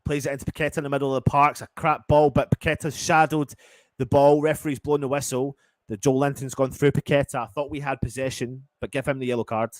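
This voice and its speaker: A man calls the match as a passionate fan, dropping to mutters and bursting into shouts. His voice is mid-pitched and recorded close and dry, with no room around it. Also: quick pace, no echo. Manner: excitable, swears, swings from muttering to shouting. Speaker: fan watchalong commentator. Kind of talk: partisan live match commentary.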